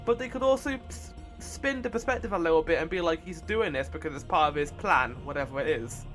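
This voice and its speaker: A chatty man with a bright, forward voice talks his way through a game, reacting and musing aloud. He sits a little higher than most men in pitch, with soft game music behind him. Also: a little fast. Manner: chatty, excitable, thinks aloud. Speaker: let's play host. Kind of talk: casual gameplay commentary.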